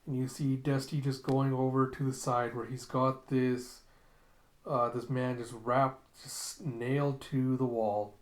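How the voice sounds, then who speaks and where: A man's voice: mid-range voice, flat delivery, unhurried, roomy sound. A man casually narrating a comic recap as host, chatty and laughing often. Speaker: comic read-along host.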